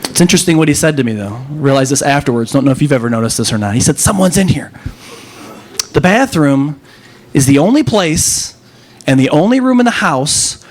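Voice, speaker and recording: High-voiced animated male stand-up comic. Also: fairly quick. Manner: animated storytelling, jumps to high pitch for punchlines. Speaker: stand-up comedian. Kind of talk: stand-up comedy set.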